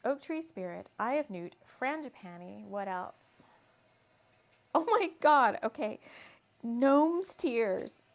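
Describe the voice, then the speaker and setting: Woman host, giggly, chatty, vocal fry, mid-range voice. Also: mid-range voice. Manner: giggly, laughs often mid-sentence; chatty, spells and repeats lists aloud. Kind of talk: casual spiritual craft talk.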